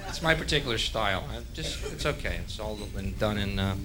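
A man in his thirties performing stand-up on a club stage with a handheld mic. He rants sardonically and profanely, dropping low and muttering, then flaring into sudden shouts. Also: expressive, brisk. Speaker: stand-up comedian. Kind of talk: stand-up comedy set.

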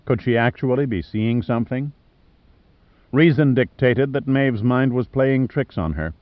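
A medium-pitched man narrates an adventure novel for an audiobook, keeping his scripted storytelling calm and even. The recording is dry, made in a studio, and a little muffled.

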